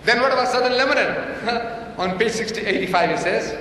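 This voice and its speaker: A man's voice: very high voice, a little fast, a bit bright, far from the mic, slight background noise. A man speaking in a public debate, sarcastically quoting and mocking his opponent with fiery rhetorical questions. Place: large lecture hall. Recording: very echoey hall recorded from afar.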